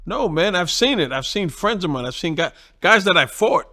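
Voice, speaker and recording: Older guest with a tense, higher voice, cursing his way through lively stories. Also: moderate pace. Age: 60s. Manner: animated, swearing freely, laughing at his own stories. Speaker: guest, boxing trainer and former champion. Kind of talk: casual storytelling.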